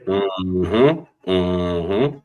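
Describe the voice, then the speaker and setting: A very deep-voiced man co-hosts a casual podcast. He mostly chimes in with short, blunt agreement. Now and then he adds a quick remark of his own. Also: animated, dull audio. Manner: brief agreeing interjections, blunt. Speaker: podcast co-host. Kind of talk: casual chat.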